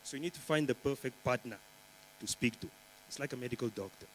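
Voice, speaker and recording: A man's voice: mid-range voice, fast, a bit bright, slight background noise, rough recording. A young man from Namibia, performing a rambling stand-up comedy set at a conference and teasing the crowd. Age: young adult. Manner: chatty, rambling, teasing the crowd with lots of fillers. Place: conference stage before a live audience.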